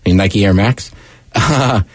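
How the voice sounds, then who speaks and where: A man hosting a talk show in casual banter, chatty and animated as he tells stories and sets up clips. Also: lowish voice, a little slow, dry recording. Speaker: radio show host.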